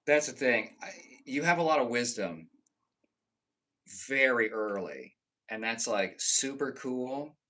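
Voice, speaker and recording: A man chatting casually with viewers on a live stream. He rambles and swears freely, restarting his sentences, and swings between emphatic bursts and low muttered asides. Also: lively intonation, slow, sharp tone.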